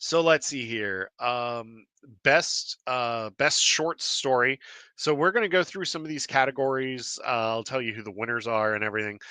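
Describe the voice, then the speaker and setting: A man's voice: medium pitch, moderate pace, bright, forceful tone, clean tone, dry recording. Laughing, upbeat male comics podcaster. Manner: enthusiastic, laughs often, many fillers and restarts. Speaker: podcast host. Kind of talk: casual live-stream chat.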